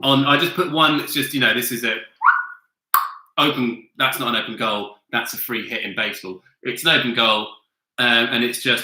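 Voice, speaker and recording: A man's voice: medium pitch, moderate pace, bright, forceful tone, reverberant, poor audio. A man hosting an online pub quiz from home, chatty and loose, swearing casually as he explains the rounds. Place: home, with a flatmate nearby.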